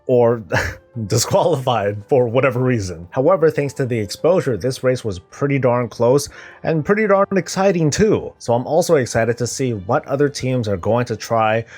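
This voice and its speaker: A man's voice: mid-range voice, lively intonation, moderate pace, a little mellow. Wry man hosting a gaming news show. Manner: wry, sarcastic asides with laughs. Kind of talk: casual scripted commentary.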